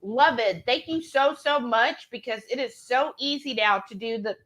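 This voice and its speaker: A woman's voice: a little high, moderate pace, fairly bright tone. A woman, co-hosting a casual cooking livestream and chatting while reading viewer comments aloud. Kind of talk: casual live-stream chat.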